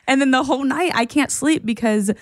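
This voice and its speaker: Animated, laughing woman telling stories. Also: high voice, no echo, clean studio sound. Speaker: podcast host and therapist. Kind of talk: casual storytelling chat.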